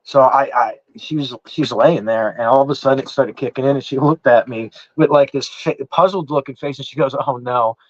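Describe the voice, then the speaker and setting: A man with an East Coast accent and a mid-range, fairly even voice tells a long story in casual chat, talking briskly with hardly any pauses. He rambles, swears heavily and repeats himself with many "I said" restarts. The recording is dry, dull and muffled lo-fi.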